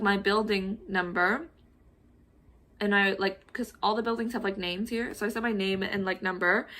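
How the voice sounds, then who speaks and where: A young adult woman telling a story in a casual vlog, animated and swearing, laughing as she goes. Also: medium pitch. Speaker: vlogger.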